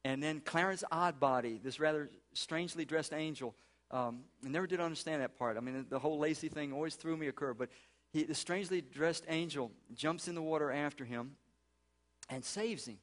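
A man's voice: fairly high pitch, fairly quick. A middle-aged man preaching a sermon as a pastor in a church, earnest and conversational, with restarts and casual asides. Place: church sanctuary.

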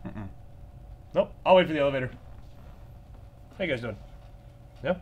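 A man's voice: mid-range voice, expressive, normal speed, a little mellow, husky. A man giving nervous, joking, profanity-laced commentary while playing a horror game. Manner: jumpy, swearing, nervous joking asides. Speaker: gaming channel host.

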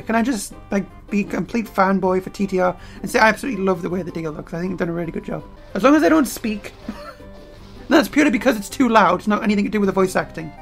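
Excitable man yelling at a game. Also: high voice, vocal fry. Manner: excitable, bursts into loud yelling. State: strained throat. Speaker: let's play gamer. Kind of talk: casual game commentary.

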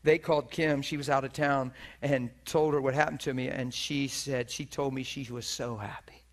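Middle-aged guy preaching, lively story, does little voices, laughs a bunch. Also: medium pitch, moderate pace. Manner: animated storytelling, acts out voices, laughs often. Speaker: preacher teaching on healing. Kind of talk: sermon storytelling. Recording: live teaching session, room mic.

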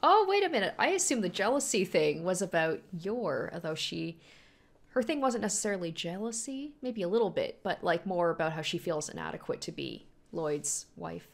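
A woman's voice: on the low side, moderate pace, creaky. A young woman hosting an anime reaction video, talking casually and gushing often as she reacts. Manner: animated, gushing, laughs often.

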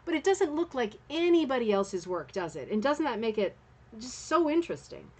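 A woman's voice: on the high side, big pitch swings, normal speed, darkish tone. A woman hosting a casual live stream, musing aloud about artworks and answering viewer comments as she thinks. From Canada. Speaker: host of a rug hooking club show.

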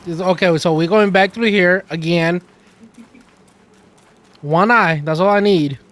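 A man hosting a gaming channel, giving casual, excitable gameplay commentary full of swearing and laughter. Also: sits high, measured pace.

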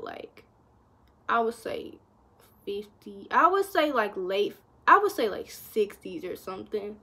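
Slow-talking young woman telling a story. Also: on the high side. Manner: chatty, addresses viewers as y'all, lively retelling. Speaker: vlogger. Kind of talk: casual storytime.

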